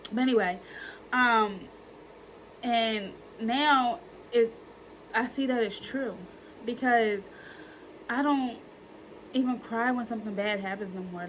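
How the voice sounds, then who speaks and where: A woman's voice: fairly high pitch, takes it slowly, a little hiss or hum, low-quality recording. Earnest woman in her early thirties. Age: early 30s. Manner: earnest and emotional, with frequent fillers and repetitions. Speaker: vlogger. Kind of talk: personal reflection vlog.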